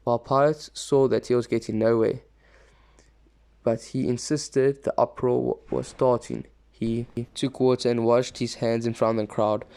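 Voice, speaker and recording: A man reading a scripture passage aloud, steady and plain, with the odd small slip and restart. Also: medium pitch, moderate pace, vocal fry, clean tone. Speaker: scripture reader.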